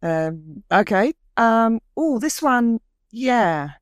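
A woman leads a relaxed conversation and quizzes her guest in a teasing way, with plenty of "um"s along the way. Her voice is dry and close, with no room echo. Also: on the high side, extremely slow. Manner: playful quizzing, hesitant fillers. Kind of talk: casual chat.

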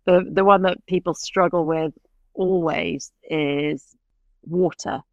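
A woman's voice: on the low side, fairly even intonation, takes it slowly, creaky, darkish tone, no room sound, muffled recording. A woman with a British accent, talking casually as a podcast guest, chatty and laughing often. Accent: British English. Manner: chatty, laughs often, trails off mid-sentence. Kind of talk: casual conversational interview.

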